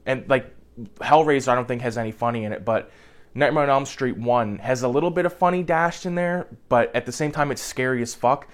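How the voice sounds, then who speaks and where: A young man with a medium-pitched voice recaps a movie plot a little fast, rambling casually. He swears freely and leans heavily on "like" as a filler.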